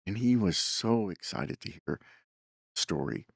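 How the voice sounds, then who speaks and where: A man's voice: on the low side, lively intonation, slow, creaky, husky, dry recording, studio quality. A man hosting a show, telling a story in a casual, rambling way, with lots of fillers and self-corrections. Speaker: podcast host.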